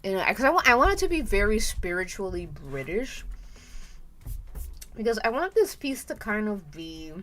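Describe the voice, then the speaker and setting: A young woman chatting casually on her art stream, rambling and stopping herself mid-sentence, often laughing. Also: mid-range voice. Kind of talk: casual live-stream chat. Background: soft background music.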